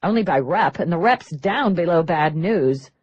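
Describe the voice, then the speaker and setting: A woman's voice: on the low side, breathy edge, no room sound, dull audio. A woman reading an audiobook, voicing a bubbly, brash young woman who used to run cons. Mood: brash, upbeat. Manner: excited, brash, quick. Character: bubbly young female ex-grifter performer, brash.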